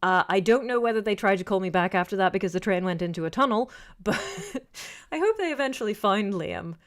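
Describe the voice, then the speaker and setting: A woman's voice: mid-range voice, animated, a little fast. A woman chatting casually on a livestream, reading chat and rambling off on tangents in a self-deprecating way. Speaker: YouTuber reading live chat.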